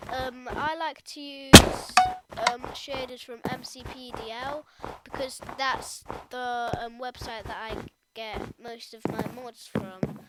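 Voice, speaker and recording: High-voiced British woman, rambling vlog chat. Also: steady tone, slow. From United Kingdom. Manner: rambling, hesitant, self-correcting with many ums. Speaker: YouTuber. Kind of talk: casual gaming vlog chat. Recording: loud background noise.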